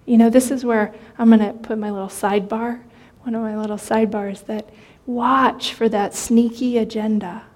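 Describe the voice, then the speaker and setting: A woman meditation teacher giving a dharma talk in a gentle, conversational way, with many fillers and restarts. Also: a little high, steady tone, normal speed.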